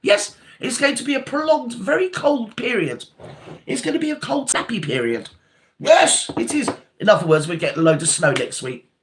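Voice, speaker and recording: Older grandmother hosting a live chat; higher-pitched and animated, a chatty, fond way with viewers. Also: brisk. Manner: chatty, calls viewers darling and sweetheart. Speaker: livestream host reading viewer comments.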